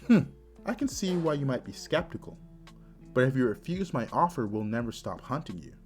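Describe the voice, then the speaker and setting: A man's voice: medium pitch, big pitch swings, fairly quick, soft background music, lightly acted. A man voicing a scheming, arrogant male mage villain who speaks in a smug, threatening, bargaining way.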